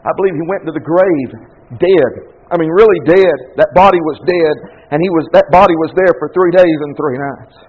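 A man preaching a sermon, talking in a conversational way and reading scripture aloud, moving from quiet asides to loud, fervent bursts. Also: a little high, fairly quick, slightly rough, narrow, tinny audio. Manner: reads scripture aloud and then explains it.

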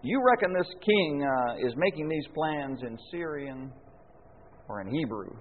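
A man's voice: fairly high pitch, lively intonation, a little slow. A man preaching a sermon, folksy and full of rhetorical questions, chuckling now and then. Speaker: pastor. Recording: echoey hall, phone-like lo-fi sound.

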